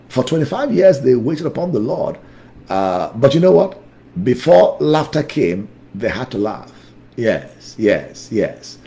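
Male pastor, fervent preaching voice, very animated pitch, emphatic repetition, Bible study sermon. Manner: fervent, emphatic repetitions, swings between loud and soft.

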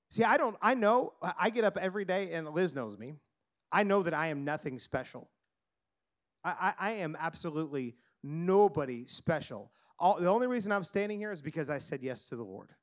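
Middle-aged guy preaching, kinda high voice, earnest, stumbles and repeats himself. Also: animated, normal speed. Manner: earnest, repeats words, asks for slides. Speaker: pastor. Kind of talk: sermon.

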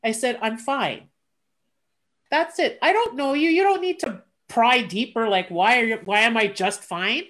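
A woman's voice: on the high side, unhurried. A woman talks casually with a friend, recounting a personal story in a candid, blunt way. She trips over her words and restarts often, and she acts out each exchange by quoting what everyone said. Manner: candid, animated retelling with quoted voices, blunt.

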